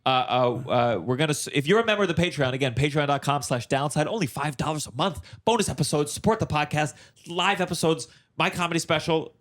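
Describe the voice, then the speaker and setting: A man hosting a comedy podcast, chatting and plugging the show in a quick, halting way. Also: fairly high pitch, a bit bright. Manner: quick, halting, stumbles on restarts. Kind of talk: casual chat and show plug.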